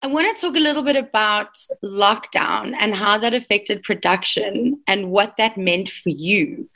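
A woman's voice: medium pitch, measured pace, creaky, bright, forceful tone. Woman interviewer asking questions.

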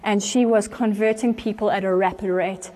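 A woman's voice: mid-range voice, normal speed, faint music behind. Earnest woman preaching a story sermon. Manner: earnest, animated retelling with quoted voices. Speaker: church speaker.

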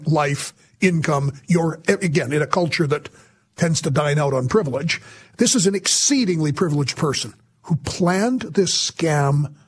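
A man hosting a talk radio show, giving emphatic, sarcastic commentary with sudden jumps in pitch. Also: slightly rough.

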